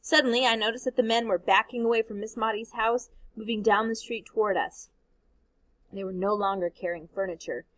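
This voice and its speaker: A woman, a teacher, reading a novel aloud in a steady, expressive way. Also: mid-range voice, a little fast, no echo, poor audio.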